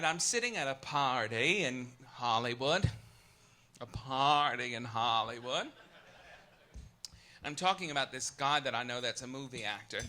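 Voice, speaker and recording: Campy male stand-up host, high lively voice, arch delivery with sudden loud outbursts. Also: a little slow, long pauses. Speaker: comedic host. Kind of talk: live stand-up monologue. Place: live club stage.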